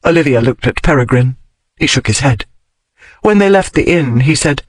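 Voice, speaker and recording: A man narrating a historical romance audiobook in an expressive storytelling manner. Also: medium pitch, normal speed, no room sound, poor audio. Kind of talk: scripted narration.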